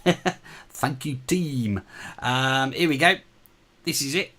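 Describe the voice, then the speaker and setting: Bright-voiced man, halting co-host. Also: mid-range voice. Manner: halting, with many fillers and restarts. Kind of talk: casual online show chat.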